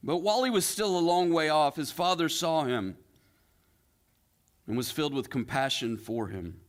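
Higher-voiced male preacher telling a story. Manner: rhetorical questions, dramatic pauses, storytelling. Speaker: pastor. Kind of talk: sermon.

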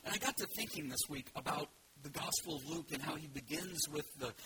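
A male pastor delivers a sermon in a loose, conversational way, often restarting his sentences and dropping in asides. His voice sits a little higher than most men's. Loud background noise runs under the recording. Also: fairly quick.

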